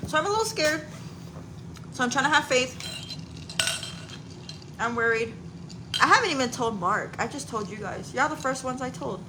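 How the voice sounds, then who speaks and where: A woman's voice: fairly high pitch, lively intonation, a little fast, pauses often. A woman in her forties chatting on a live stream as a mother, candid and casual, swearing lightly and laughing often. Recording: noticeable background noise.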